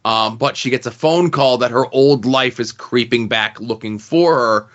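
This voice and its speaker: A man's voice: medium pitch, moderate pace, fairly bright tone, dull audio. A man hosting a casual movie review chat, sarcastic and rambling, full of "like" and "okay?" asides. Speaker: podcast host.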